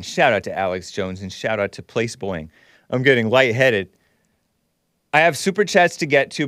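A man hosting a call-in talk show, ranting sarcastically and reacting with quick laughs and asides. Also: lowish voice, dry recording, clean studio sound. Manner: animated, sarcastic, swings loud and soft, laughs at his own jabs.

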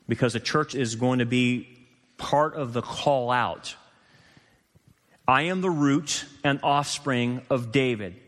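A man's voice: fairly bright tone, long reverb tail. A man preaching a sermon as pastor, teaching scripture verse by verse and rising to impassioned pleading. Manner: rises to impassioned, higher-pitched pleading.

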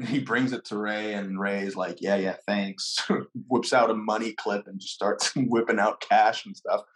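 A man's voice: lowish voice, moderate pace. A man, a guest on a talk show, telling a casual story with lots of laughter, acting out what people said. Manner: animated, laughs often, acts out quotes.

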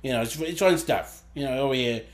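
A man putting on a thick Boston accent as a loud, boisterous local guy. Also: mid-range voice, brisk, natural voice.

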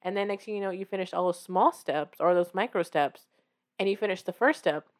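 A woman's voice: lowish voice, fairly quick. A woman author hosting her own show, talking casually and encouragingly to the listener and acting out her own reactions as she tells her story. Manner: warm, encouraging, directly addressing the listener. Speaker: author and podcast host. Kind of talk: casual motivational talk.

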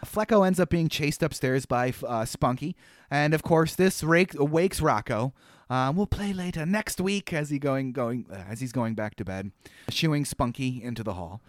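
A man co-hosting a podcast, recapping a cartoon in animated, rambling casual chat with lots of fillers. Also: mid-range voice, normal speed, no echo, clean studio sound. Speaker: podcast co-host.

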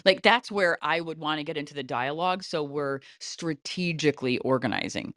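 A middle-aged woman casting director giving animated, chatty advice in an interview, often breaking into light laughs. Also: low voice, fairly quick, hardly any pauses, no room sound, clean studio sound.

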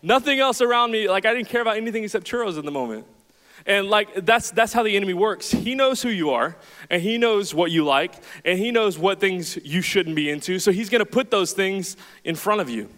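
A young man preaching to a congregation, telling a rambling, self-deprecating story in a chatty, animated way. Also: high-pitched, a little fast. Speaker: pastor. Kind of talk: sermon with storytelling. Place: church hall with audience. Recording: reverberant hall.

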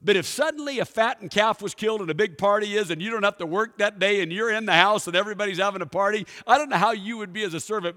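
Male pastor, storytelling sermon with questions to the congregation; slightly high voice, long hall reverb. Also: sharp tone.

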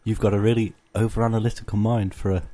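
A man's voice: on the low side, flat delivery, fast talker, mellow, pitched below the performer's own voice, lightly acted. A man improvising a pretentious male actor who gets flustered and defensive, in a comedy role-play.

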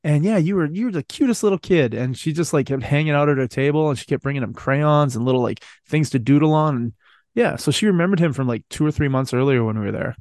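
A man co-hosts a podcast in loose casual chat. He swears freely, laughs through his own anecdotes and rambles from one tale to the next. His voice sits at an ordinary pitch and is recorded close and dry. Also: fast, darkish tone, dry recording. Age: adult. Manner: profane, storytelling, laughs often. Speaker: podcast co-host.

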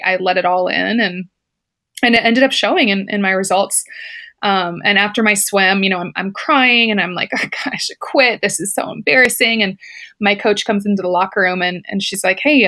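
Telling a personal story as a relaxed interview guest, this woman, once a competitive swimmer, laughs a lot and leans on "like" and "you know." Her voice is mid-range with a sharp edge.

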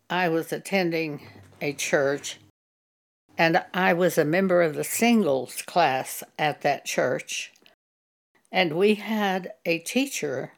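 A woman giving a Bible teaching, telling a personal story and reading scripture aloud in a slow, deliberate way. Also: low voice, creaky.

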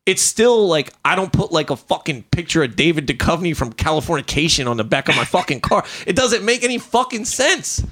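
A man on a podcast, ranting hard and swearing freely, his voice sitting a bit high for a man. He talks in loose, casual chat that keeps building into heated outbursts. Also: brisk, hardly any pauses. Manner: animated profane ranting. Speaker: podcast host.

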